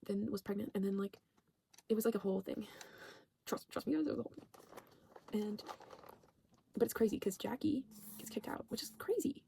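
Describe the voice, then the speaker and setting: Woman, casual show recap, rambling, says "like" a lot, curses, slightly high voice, mellow tone. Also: gravelly, breathy edge. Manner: rambling, swearing, constant "like", self-correcting. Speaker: channel host recapping a TV show.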